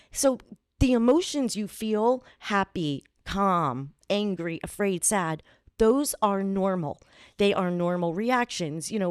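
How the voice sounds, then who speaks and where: Podcast lady doing a motivational talk, earnest and emphatic, keeps repeating stuff, smooth clear voice, dry close sound. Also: mid-range voice, a little mellow, dry recording. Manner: speaks straight to listeners, encouraging. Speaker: podcast host. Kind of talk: motivational monologue.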